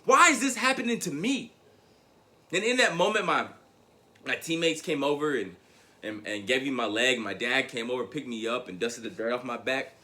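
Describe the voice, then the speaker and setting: A man from Tennessee, giving a convention keynote as a motivational speaker and telling a story with animated swings between loud and hushed delivery. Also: mid-range voice, normal speed.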